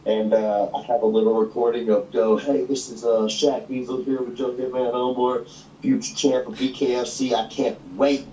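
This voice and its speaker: A man tells his story with excitement, his words tumbling out quickly. He sounds distant from the mic in an echoey room. Faint ambient noise sits behind him. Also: mid-range voice, muffled recording. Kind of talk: casual interview storytelling.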